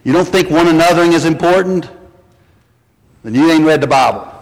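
A man preaching a sermon as pastor, folksy and animated, building to strong emphasis. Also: fairly high pitch, brisk, creaky, in a large hall.

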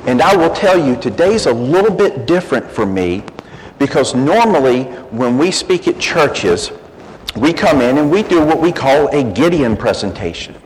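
A man's voice: mid-range voice, sing-song, moderate pace. Folksy man in a reverberant church. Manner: folksy, self-deprecating humor. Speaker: guest speaker from the Gideons. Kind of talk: church talk opening with a joke. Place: church sanctuary. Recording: long church reverb, faint hiss.

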